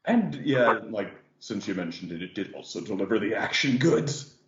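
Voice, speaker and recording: A man's voice: lowish voice, sing-song, normal speed, roomy sound, dull audio, background noise. A man hosting a casual podcast about animation, rambling with lots of fillers. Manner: rambling, many "like" and "yeah" fillers. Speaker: podcast host.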